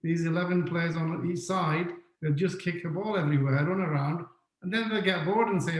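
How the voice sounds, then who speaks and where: Male webinar speaker, fairly high voice, interactive lecturer who repeats key points; echoey room. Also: normal speed. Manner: questions the audience often, repeats key points.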